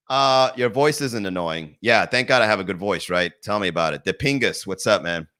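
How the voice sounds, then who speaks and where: Young guy streaming comedy from his garage, bright forward voice, keeps rambling and cracking himself up. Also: lowish voice. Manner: laughs at his own jokes, riffs fast and loose. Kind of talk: casual live-stream comedy chat. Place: home garage.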